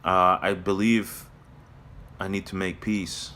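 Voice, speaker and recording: A man with a very low, bright-edged voice gives a somber personal vlog update, halting and reflective, full of fillers and restarts. He talks from his workplace, with faint noise behind him. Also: level tone. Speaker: vlogger. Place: at his workplace near closing time.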